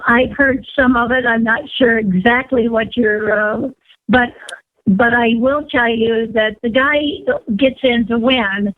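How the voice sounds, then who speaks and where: A woman's voice: on the high side, dry recording. A woman calling into a radio show, blunt and opinionated, with frequent fillers. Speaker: caller. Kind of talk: phone-in call. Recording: tinny phone line.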